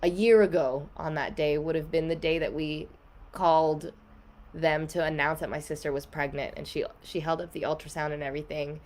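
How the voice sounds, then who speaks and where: A woman's voice: low voice, fairly even intonation, normal speed, darkish tone. A young woman guest on a podcast, candidly telling an emotional personal story in a casual way, with many "like" fillers.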